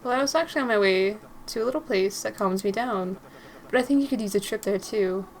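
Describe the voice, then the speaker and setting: A woman voicing a gentle, polite young man while reading a visual novel aloud, in a calm, soothing manner. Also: mid-range voice, brisk, a little hiss or hum, lightly acted.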